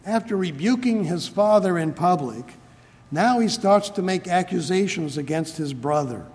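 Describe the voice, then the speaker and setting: Man preaching through a bible passage, earnest, kinda high voice, big hall echo. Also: animated, a little mellow. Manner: earnest, emphatic, slows on key phrases. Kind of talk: expository sermon reading scripture. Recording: long hall reverb.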